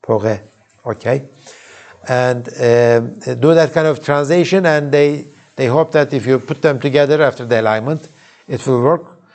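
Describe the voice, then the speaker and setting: A man's voice: medium pitch, moderate pace, darkish tone. A man with a Turkish accent giving a university lecture in a casual way, often restarting sentences and checking in with students. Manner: informal, many restarts and asides to students. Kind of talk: classroom lecture. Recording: recorded live in a lecture hall.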